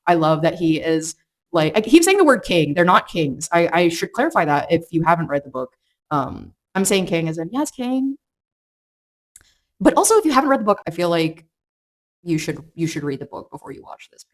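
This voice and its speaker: A woman's voice: on the low side, big pitch swings, brisk. A woman chatting casually through a book review vlog, rambling with lots of fillers and restarts. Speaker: book vlogger.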